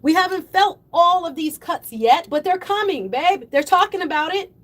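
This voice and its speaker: A woman hosting a call-in radio show, delivering impassioned, preachy commentary that swells toward yelling. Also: very high-pitched, lively intonation, moderate pace. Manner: fiery, preachy, rising to yelling then apologizing. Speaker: radio talk show host.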